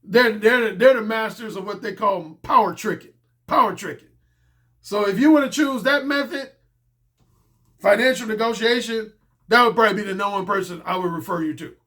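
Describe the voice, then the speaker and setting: A man's voice: sits high, normal speed, fairly bright tone. A middle-aged man giving a blunt, emphatic solo commentary as a dating coach, repeating his points for stress.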